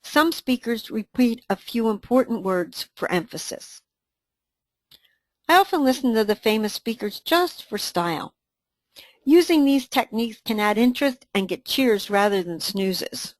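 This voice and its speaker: A woman co-presenting a training webinar, reading a scripted dialogue in an even, instructive way. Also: fairly high pitch, measured pace, no room sound.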